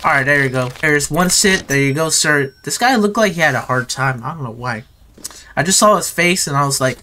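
A man giving casual, excitable gameplay commentary to his viewers, full of slang and rambling asides. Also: fairly high pitch, a little fast, slight background noise. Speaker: gaming video creator.

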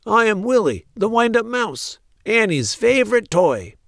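A man's voice: high voice, sing-song, unhurried, gravelly, fairly bright tone, no room sound, clean studio sound, pitched above the performer's own voice, exaggerated voice. A man voicing a contented male wind-up toy mouse in a storybook reading, in a singsong way.

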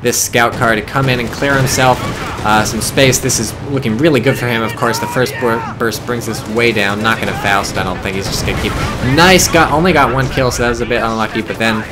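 A man's voice: mid-range voice, a little fast, music in the background. A man casually commentating a strategy game, chatty and rambling with joking asides. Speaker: game caster.

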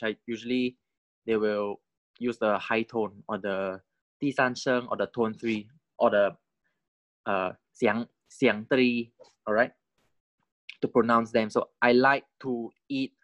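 A man teaching a language lecture in a measured, deliberate way, often checking in with the listener. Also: mid-range voice, steady tone, no echo, lo-fi sound. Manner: deliberate, keeps checking in with "right?" and "correct?". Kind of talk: recorded lecture.

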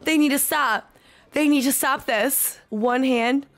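A woman's voice: high-pitched, slow pace. A young woman reacting live to an anime episode, gasping, swearing and pleading at the screen.

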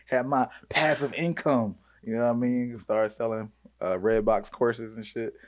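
A man in his thirties hosts a podcast in a relaxed, slangy way, often breaking into laughter. His voice sits at an ordinary middle pitch. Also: slow pace. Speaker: podcast host. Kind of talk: casual podcast chat.

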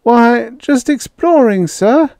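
A timid, very polite young boy, each word carefully shaped. The voice sits high above the reader's own, in a dry, close recording. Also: expressive, slow, darkish tone, no echo, exaggerated voice. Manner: precise careful enunciation.

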